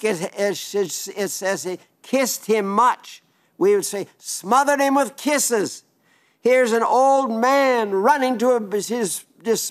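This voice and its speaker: Older male preacher, high-pitched, earnest and pleading sermon delivery. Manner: earnest, pleading, repeats phrases.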